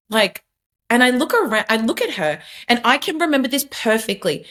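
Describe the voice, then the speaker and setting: A woman's voice: fairly high pitch, lively intonation, brisk, a bit bright. A young adult woman, a podcast guest, giving an earnest, emphatic personal testimony in casual conversation, with many fillers and restarts.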